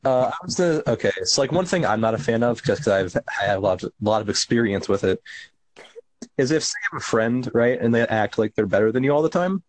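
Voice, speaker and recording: A young man in casual chat among friends, speaking hesitantly with halting restarts. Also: mid-range voice, lively intonation, dry recording, low-quality recording.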